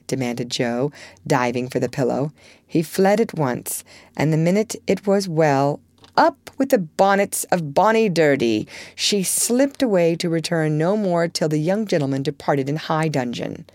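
A woman reading a classic novel aloud in measured, clear storytelling. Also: low-pitched, darkish tone, no room sound. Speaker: audiobook reader. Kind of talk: scripted narration of a classic novel.

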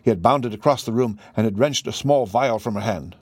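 A man narrating a classic story in an even, low-key manner. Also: fairly quick, husky, no room sound, clean studio sound. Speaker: audiobook narrator. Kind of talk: scripted narration.

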